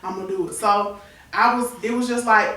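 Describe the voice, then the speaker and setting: Fairly quick and mostly even in intonation, this guest's mid-range, fairly bright voice carries a tearful, candid account of personal pain on a talk show. She is in her thirties and acts out the people she quotes. The recording is far off the mic in a strongly echoing room.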